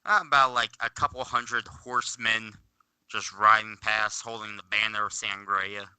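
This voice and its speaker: A man's voice: lowish voice, little pitch movement, unhurried, sharp tone, smooth, no room sound, rough recording. A man narrating as game master of a tabletop game, loose and rambling, filling his talk with "like".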